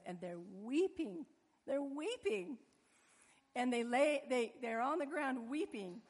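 Animated woman preaching in a reverberant hall. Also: high-pitched, slow. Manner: animated, acts out voices of people and God. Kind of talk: sermon.

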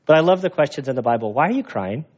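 A man preaching a sermon in a lively, animated way, acting out the voices of people in the story. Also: medium pitch, rapid-fire, muffled recording. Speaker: pastor.

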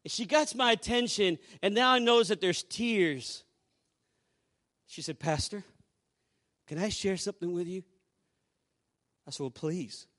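A male pastor preaching and telling a story to a congregation, swinging between hushed asides and loud exclamations. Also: high voice, measured pace, pauses often. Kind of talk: sermon storytelling.

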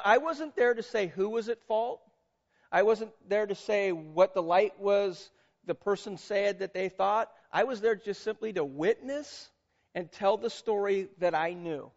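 Animated high-voiced preacher, muffled recording. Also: male voice. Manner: animated, conversational, quizzes audience. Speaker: pastor. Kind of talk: sermon.

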